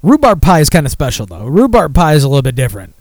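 A man hosting a podcast, rambling and talking bluntly with plenty of swearing in a slightly high voice. The sound is close and dry, with no room echo. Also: wildly swooping pitch, quick pace. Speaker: podcast host. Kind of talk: casual chat.

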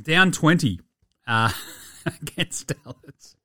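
An Australian man hosting a casual sports podcast, animated, swearing freely and laughing often. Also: medium pitch, moderate pace, no room sound, studio quality. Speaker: podcast host.

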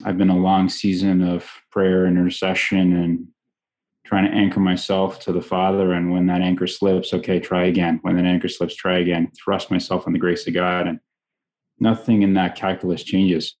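Deep man, very flat and measured. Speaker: participant in a prayer call.

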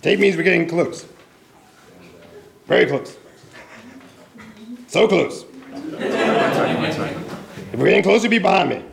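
An excitable puppet host bounces through his show, voiced by a man with a gravelly, swooping voice. He sits a bit high and jokes all the way. A noisy live stage recording carries him. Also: slow pace, pauses often, full character voice. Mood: playful.

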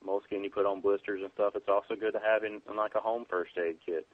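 A deep-voiced man speaks as a guest in a casual interview over a tinny phone line. He sounds dry and close, with no room around him. He explains in an easygoing, plain way and often pauses on "um" and "you know.". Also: fairly even intonation, no echo. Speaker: EMT guest on a preparedness podcast.

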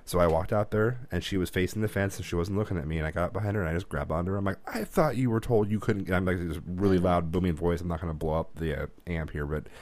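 A man with a very deep, low voice tells long family stories at a quick clip. He rambles, restarts sentences and laughs often as he co-hosts a casual podcast chat. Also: fairly even intonation, darkish tone. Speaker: podcast co-host.

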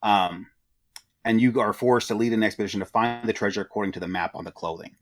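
A man co-hosting a podcast, summarizing game material in a halting, casual way with many filler words. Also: on the low side, dry recording. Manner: halting, with frequent "uh" and "um". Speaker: podcast co-host.

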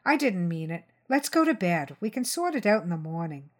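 A woman reading a story, voicing a mother who stays calm and reasonable while pleading with an angry man. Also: lowish voice, fairly quick. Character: calm, reasonable mother trying to defuse danger.

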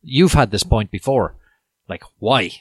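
A man's voice: fairly low pitch, a little slow, no echo, studio quality. A man co-hosting a podcast, chatting casually and acting out lines with lots of laughter. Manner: animated, laughs a lot, acts out quotes. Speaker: podcast co-host. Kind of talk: casual chat on a video call.

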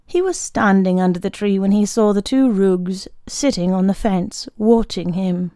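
A woman narrating a short story aloud in a calm, measured way. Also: mid-range voice, no room sound, studio quality. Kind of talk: audiobook reading of a short story.

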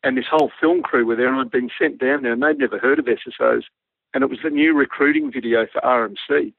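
Australian ex-Army pilot guest, gravelly, self-deprecating yarn-spinner, dry tinny line. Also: male voice, medium pitch, fast, no echo. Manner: relaxed, self-deprecating, laughs while telling stories. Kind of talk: anecdotal interview storytelling.

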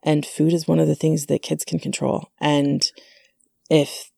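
Low, gravelly-voiced woman chatting. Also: level tone, a little slow, dark tone, no room sound, clean studio sound. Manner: chatty, many fillers and asides. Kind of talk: casual conversation.

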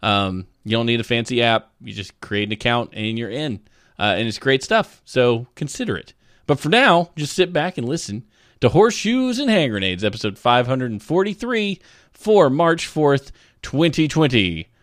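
A man's voice: mid-range voice, sing-song, moderate pace, no room sound, studio quality. A man hosting a comedic news podcast, talking casually with goofy, rambling asides and playful jokes. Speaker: podcast host.

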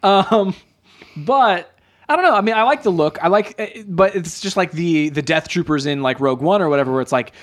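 A man's voice: sits high, fairly quick, fairly bright tone. A man in a casual chat, talking hesitantly and filling his sentences with "like". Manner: hesitant, heavy use of "like".

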